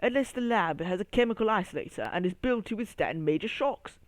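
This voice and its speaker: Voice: medium pitch, lively intonation, brisk, no room sound, pitched above the performer's own voice, close to an everyday voice. A storyteller voicing an earnest male fruit scientist who explains his experiments in a children's story.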